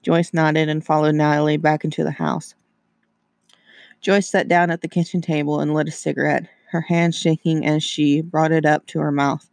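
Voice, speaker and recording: Brief: casual male story reader, gravelly voice, slightly high pitch. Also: flat delivery, normal speed, dry recording. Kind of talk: casual reading of a story aloud.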